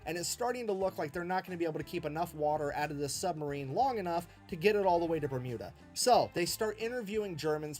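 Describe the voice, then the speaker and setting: Guy telling a war story for laughs, swears a lot, sarcastic, kinda high voice, faint music under it. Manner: profane, sarcastic, punchy storytelling. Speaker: history storyteller. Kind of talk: comedic history narration.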